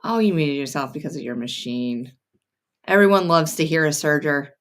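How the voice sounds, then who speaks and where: A woman's voice: sits low, expressive, moderate pace. A woman chatting casually with a sewing stream host, teasing and encouraging him. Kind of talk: casual chat.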